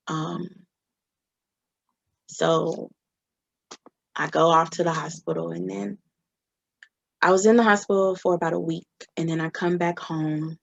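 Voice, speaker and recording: A woman's voice: low-pitched, little pitch movement, slow pace, gravelly, long pauses, no room sound, muffled recording. A young adult woman recounting her own experiences in an interview, often voicing what others said. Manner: recounting events with quoted dialogue. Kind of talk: personal testimony.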